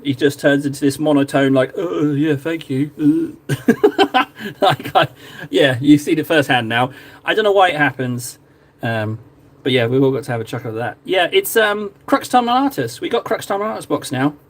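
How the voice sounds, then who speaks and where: A man's voice: on the high side, lively intonation, a little fast. A chatty, jokey man from Cornwall, talking casually to viewers while painting on a live stream. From Cornwall, England.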